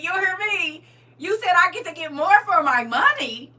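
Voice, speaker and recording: A woman hosting a casual live stream, teasing viewers by name and swinging between loud exclamations and hushed asides. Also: extremely high pitch, animated, slow, recorded from a distance. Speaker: livestream host.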